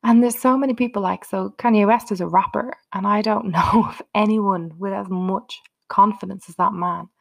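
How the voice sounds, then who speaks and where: Woman, podcast host, gravelly edge, earnest chatty motivational talk, speaks to listeners directly. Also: mid-range voice, fairly even intonation, normal speed, few pauses.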